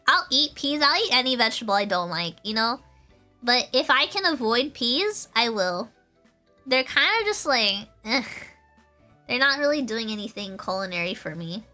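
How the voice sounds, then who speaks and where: A woman streaming from home, chatting in a playful, rambling way with plenty of laughs. Her voice is bright and sits a little high. Soft music plays quietly behind her. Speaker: vtuber streamer. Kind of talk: casual chat with stream chat.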